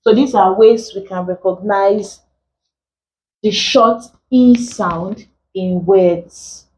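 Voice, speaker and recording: Slow, deliberate woman English tutor. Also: mid-range voice, a little mellow, low-quality recording. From Nigeria. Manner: slow, deliberate, repeating example words. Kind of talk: exam prep lesson.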